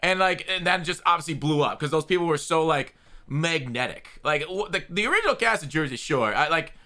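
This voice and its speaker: Male podcast host, lively up-and-down voice, slightly high, stumbling restarts. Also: fairly quick. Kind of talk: casual podcast chat.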